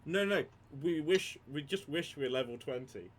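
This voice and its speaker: A man's voice: a little high, animated, moderate pace. A man playing in a tabletop game, joking, laughing easily and repeating himself. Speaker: player. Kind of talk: casual tabletop game chat.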